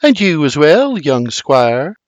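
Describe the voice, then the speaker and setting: A man voicing a bashful young colonial woman who speaks softly and breathily. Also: on the high side, very animated, slow, no room sound, highs cut off. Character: shy, sweet young colonial woman who loves singing.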